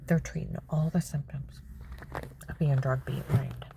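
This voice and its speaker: A woman's voice: very deep voice, steady tone, a little slow, vocal fry, background noise. A woman telling a personal account in an agitated, rambling way. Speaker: vlogger.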